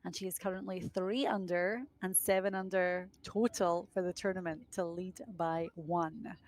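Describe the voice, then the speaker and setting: A woman's voice: fairly low pitch, a little mellow, dry recording. Young woman, live golf commentator, windy outdoor course, chatty and self-mocking, dry close sound. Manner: chatty, self-deprecating, laughs at herself.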